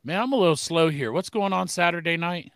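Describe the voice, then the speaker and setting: A man's voice: fairly high pitch, fairly quick, a bit bright. A man co-hosting a sports podcast, joking around in casual chat and swearing freely. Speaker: podcast co-host.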